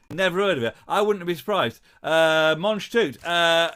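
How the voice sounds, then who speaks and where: A man hosting a live-streamed quiz, chatting in a halting way with lots of filler sounds and reading out viewers' guesses playfully. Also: a little high, lively intonation, sharp tone, clear, resonant tone. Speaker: host of a live-streamed show.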